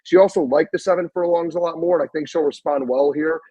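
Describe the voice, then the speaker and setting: A man co-hosting a podcast, breaking down races in long, quick, detailed run-on stretches. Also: on the high side, fairly even intonation, mellow, husky, no echo, muffled recording. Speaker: podcast co-host. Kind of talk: fast analytical chat.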